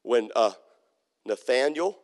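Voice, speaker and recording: A man's voice: medium pitch, lively intonation, slow pace. A male pastor preaching a sermon in an emphatic, repetitive way, often checking in with the congregation. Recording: long hall reverb.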